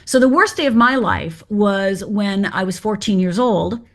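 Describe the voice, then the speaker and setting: A woman's voice: mid-range voice, animated, measured pace. A middle-aged woman from Upper Michigan, a guest on an interview show, telling her life story in a candid, direct and wry way.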